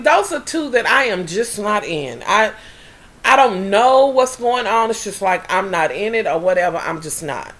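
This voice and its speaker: A woman's voice: lowish voice, a bit bright. A woman vlogging casually to her viewers, chatty and rambling, often trailing off and calling them y'all. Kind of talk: casual chat to camera.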